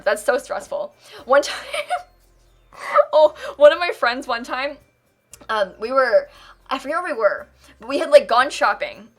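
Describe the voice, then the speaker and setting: A woman's voice: on the high side, fairly bright tone. A young American woman chatting casually on a live stream, rambling with lots of "like" and frequent laughter. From United States. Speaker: game streamer. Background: faint background music.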